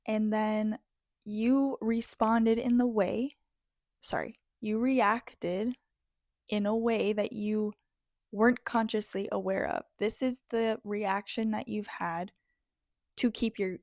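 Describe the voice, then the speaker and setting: A woman talks through personal growth in a slow, earnest way, leaving pauses as she searches for words. Her voice sits at a middle pitch and sounds close and dry, with no room echo. The delivery stays heartfelt and reflective. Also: fairly even intonation, darkish tone. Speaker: spiritual self-help speaker. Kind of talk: reflective motivational talk.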